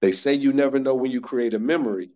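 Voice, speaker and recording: A man's voice: medium pitch, fast talker, warm tone, highs cut off. A man in his fifties from North Carolina, giving a motivational workshop talk, emphatic and repeating key phrases for stress. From North Carolina, United States. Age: 50s. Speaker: workshop speaker.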